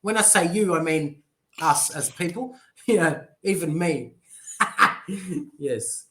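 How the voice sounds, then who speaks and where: A man's voice: on the high side, animated, slow, bright, forceful tone. A man teaching English over a video call, playful and encouraging, joking as he coaches pronunciation. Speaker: English tutor. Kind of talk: casual online lesson.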